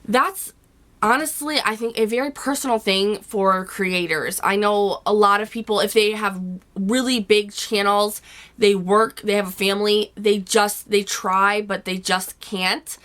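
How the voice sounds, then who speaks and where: A woman with a cold-roughened, hoarse voice, giving blunt, chatty advice to her viewers in a casual vlog. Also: mid-range voice, fairly even intonation, unhurried, a bit bright. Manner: blunt, chatty, with frequent "you know" and casual swearing. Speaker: YouTube vlogger. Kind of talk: casual advice chat to camera.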